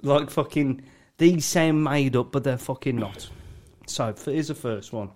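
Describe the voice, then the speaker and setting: A man's voice: mid-range voice, unhurried, darkish tone. A man, swearing and teasing his mates in casual banter. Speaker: podcast co-host.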